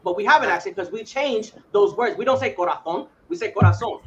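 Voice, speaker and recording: A man's voice: high-pitched, lively intonation, fast talker, lo-fi sound, noisy background. A man from Puerto Rico co-hosting a podcast, nitpicking a film in heated talk full of swearing. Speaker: podcast co-host. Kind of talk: casual podcast banter.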